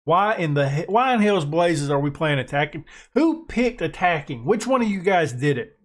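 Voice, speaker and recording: American guy, gaming commentary, excitable, self-mocking, a bit high-voiced. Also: normal speed. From United States. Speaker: gaming YouTuber. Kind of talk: casual gameplay commentary.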